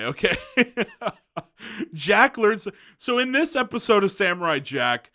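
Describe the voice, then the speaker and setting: A man's voice: sits high, bright, forceful tone. A young man giving a casual, rambling movie review, often restarting his sentences.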